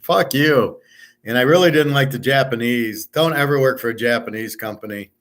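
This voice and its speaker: A man's voice: mid-range voice, brisk. A middle-aged American man hosting a betting show, telling stories in a blunt, profane, heated casual rant. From United States. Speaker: sports betting show host. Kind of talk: casual ranting monologue.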